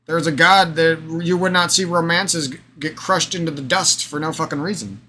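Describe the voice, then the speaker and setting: Hoarse guy ranting to his camera, swears constantly, kinda high bright voice, faint hiss underneath. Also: steady tone, normal speed. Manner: profane, emphatic, repetitive, rambling. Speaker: vlogger. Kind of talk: unscripted ranting vlog monologue.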